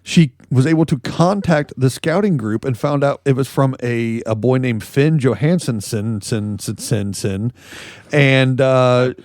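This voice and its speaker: A man's voice: medium pitch, moderate pace, few pauses, darkish tone, dry recording. Male podcast co-host, jokey rambling news bits, dry close sound. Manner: joking, rambling storytelling with laughs. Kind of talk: casual comedic news chat.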